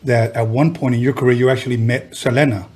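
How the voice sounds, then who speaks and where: A man's voice: mid-range voice, fairly even intonation, quick pace, darkish tone. A man hosting a radio interview who asks questions and keeps the guest going with short, encouraging replies. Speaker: radio show host.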